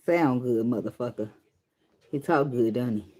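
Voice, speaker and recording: A woman giving a casual tarot reading, joking and swearing freely and singing along softly between cards. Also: very deep voice, normal speed. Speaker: tarot reader.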